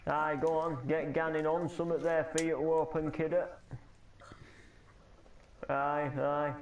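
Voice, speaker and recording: A man's voice: on the high side, flat delivery, measured pace, a little hiss or hum. A cheerful postman, played by a man, chatty and caring, breaking into little songs. He is heard from a distance in a roomy, echoing space. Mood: cheery. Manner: chirpy, sings to himself. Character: cheery northern postman, caring adult son. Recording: echoey room, distant mic.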